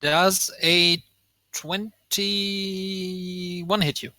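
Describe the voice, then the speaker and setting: A man running a tabletop game as game master, narrating haltingly with many ums and pauses. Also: high-pitched, fairly even intonation, bright, forceful tone, no room sound.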